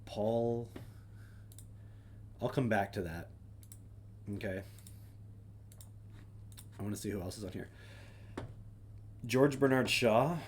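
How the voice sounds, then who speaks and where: A man's voice: fairly low pitch, takes it slowly, long pauses, slight background noise. A man hosting a casual solo stream, reading names aloud and adding wry, offhand asides. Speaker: streamer host.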